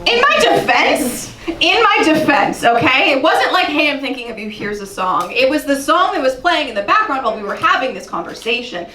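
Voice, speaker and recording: Young female stand-up comic telling a story, animated, high voice, echoey club sound from afar. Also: normal speed, recorded from a distance, noisy background. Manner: animated storytelling, jumps high when ranting. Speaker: stand-up comedian. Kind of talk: stand-up comedy set. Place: comedy club stage. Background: audience laughter.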